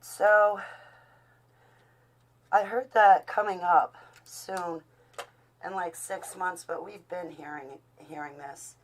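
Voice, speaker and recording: A woman hosts a casual online video, still out of breath and apologizing as she chats. She talks slowly, in a slightly low voice. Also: steady tone, a little hiss or hum. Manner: chatty, apologetic, breathless asides. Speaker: video host. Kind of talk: casual chat.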